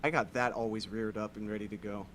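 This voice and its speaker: A man who is a guest in a casual group chat, talking in a wry, drawn-out way. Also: fairly low pitch, fairly even intonation, a bit bright, a little hiss or hum.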